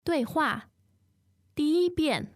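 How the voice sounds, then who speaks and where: Lively woman co-host and teacher. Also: sits high, slow pace. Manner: lively, brief replies, light laughter. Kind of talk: casual language lesson chat.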